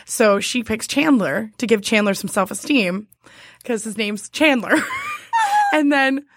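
A woman co-hosting a casual podcast chat, giggly and quick in bursts. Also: fairly high pitch, no room sound, clean studio sound. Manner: giggly, talks fast in bursts. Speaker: podcast co-host.

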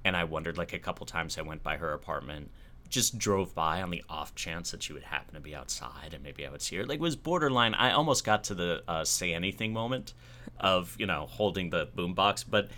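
A man in casual conversation, telling a personal story in an animated, self-deprecating way. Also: low voice, fairly quick.

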